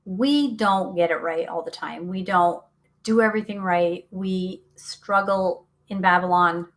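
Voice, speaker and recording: A woman's voice: on the low side, unhurried. A middle-aged woman hosting a faith talk show, speaking earnestly and animatedly, often laughing, reading out listener comments. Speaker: radio show host.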